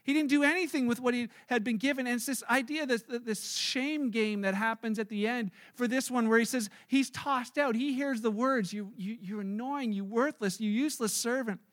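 A man's voice: very high voice, normal speed, hardly any pauses, fairly bright tone. A male pastor preaching a sermon in a storytelling manner, acting out the characters he describes.

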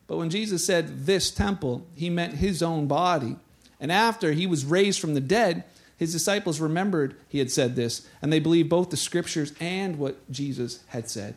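A pastor preaching a sermon, telling scripture stories in an animated way and acting out the voices of the people in them. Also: male voice, on the high side, normal speed.

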